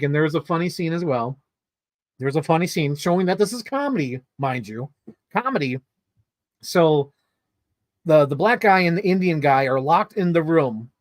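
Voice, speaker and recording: Excitable man reviewing a movie. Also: a little high, dry recording. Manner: excitable, laughs often, swears freely.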